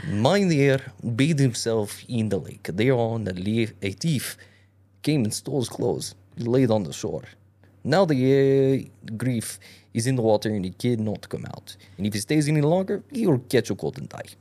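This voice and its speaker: A man's voice: lowish voice, big pitch swings, slow, creaky, long pauses, darkish tone, husky, full character voice. A man voicing a cunning male tomcat in a put-on German accent, pleading and giving orders in a theatrical way. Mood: lamenting.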